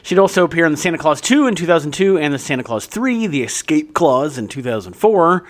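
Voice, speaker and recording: A man's voice: on the high side, animated, brisk. Male podcast co-host reading movie trivia. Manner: reads cast facts, trails off.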